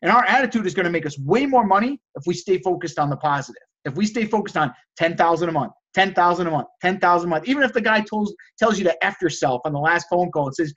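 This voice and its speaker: A man coaching resellers in a casual motivational talk, energetic and repeating key phrases for emphasis. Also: sits high, fast talker, hardly any pauses, muffled recording.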